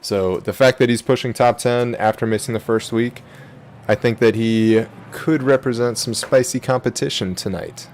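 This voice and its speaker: A man's voice: medium pitch, normal speed, a little mellow, a little hiss or hum. A man with an Australian accent doing casual, joking commentary on an online racing stream. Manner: playful, jokey banter.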